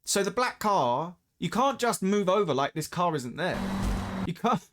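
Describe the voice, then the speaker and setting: A man's voice: high-pitched, very animated, normal speed, music in the background. A man giving blunt, opinionated casual commentary as he reacts to racing clips, often ranting.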